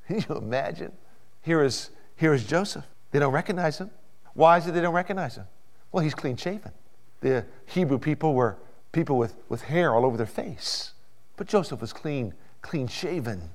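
A man preaching a sermon, building to loud peaks and dropping to hushed asides, often repeating words as he goes. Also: on the high side, expressive, moderate pace. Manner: dramatic, swings from hushed to loud climaxes. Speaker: pastor.

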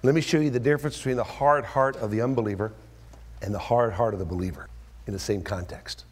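A man preaching a verse-by-verse sermon as pastor, dropping to hushed whispers and then rising into loud, high-pitched emphasis as he acts out the voices in the text. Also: fairly even intonation, fast. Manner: acts out quoted voices with strong pitch jumps. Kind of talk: expository sermon.

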